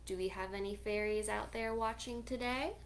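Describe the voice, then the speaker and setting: A woman librarian reading a picture book aloud for children at storytime, animated, gasping and asking listeners questions. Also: medium pitch, normal speed, a little hiss or hum.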